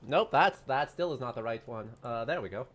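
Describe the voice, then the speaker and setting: A man's voice: mid-range voice, lively intonation, fairly quick, fairly bright tone. A man casually chatting and reading dialogue while streaming a story game. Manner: chatty, self-deprecating, rambling. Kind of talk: casual let's-play chat.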